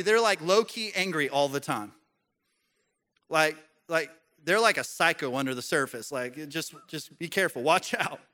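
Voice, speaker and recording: High-pitched guy pastor preaching, lively and jokey, big echoey hall. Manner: animated, joking, puts on voices for examples. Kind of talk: sermon. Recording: long hall reverb.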